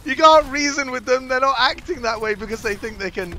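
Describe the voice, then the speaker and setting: A man's voice: extremely high pitch, brisk, crowd noise. A man in casual chat who reacts to a story with teasing disbelief. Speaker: podcast co-host.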